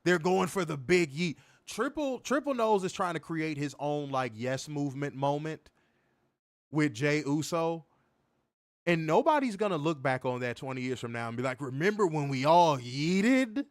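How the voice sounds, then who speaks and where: A man co-hosting a casual wrestling review, profane and animated, reading viewer comments aloud. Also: on the high side, moderate pace, no room sound, clean studio sound. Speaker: podcast co-host.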